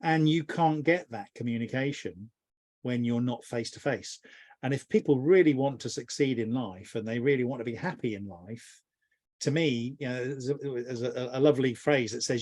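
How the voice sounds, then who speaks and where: A middle-aged man who mentors businesspeople answers at length in a medium-pitched, darkish voice at normal speed. The reflective, conversational reply meanders, with many restarts along the way.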